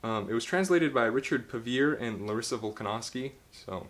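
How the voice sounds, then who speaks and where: A man's voice: mid-range voice, animated, brisk, fairly bright tone. A young man casually reviewing a book, rambling and swearing as he retells the plot with laughs.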